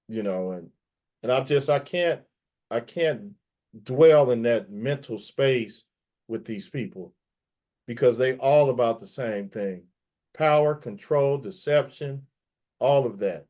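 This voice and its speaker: A man's voice: medium pitch, takes it slowly, warm tone. A man speaking as a guest on an online panel, emphatic and opinionated, often repeating words. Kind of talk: casual panel discussion.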